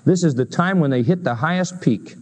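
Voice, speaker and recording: A man's voice: a little fast, darkish tone. A man preaching a sermon, earnestly explaining a Bible passage and rising to emphatic, lifted phrases on key points. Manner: earnest, swings to high emphatic pitch on key lines.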